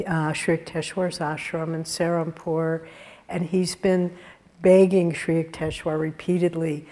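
A woman with a fairly low voice gives a sermon-style talk, unhurried and deliberate. She tells spiritual stories earnestly and warmly, with the odd soft laugh. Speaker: spiritual teacher giving a talk.

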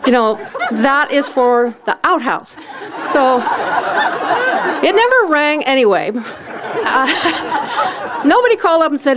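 A woman with a fairly high voice tells her own story. She acts out the people in it, and laughter slips into her words again and again. Her delivery stays lively and personal. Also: slow pace, long pauses, crowd noise, background noise. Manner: animated, acts out quoted voices; often laughs while talking.

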